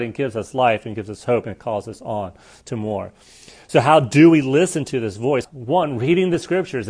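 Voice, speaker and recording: Earnest man preaching a conversational sermon. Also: medium pitch. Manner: earnest, shifts between lively storytelling and quiet reflection.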